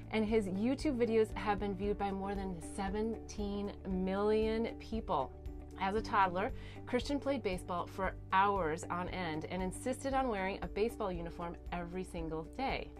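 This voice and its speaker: A woman hosting a talk show, telling a story to her guest with eager energy and sometimes sinking to a soft hush for heartfelt points. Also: mid-range voice. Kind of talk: animated interview storytelling. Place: recording studio.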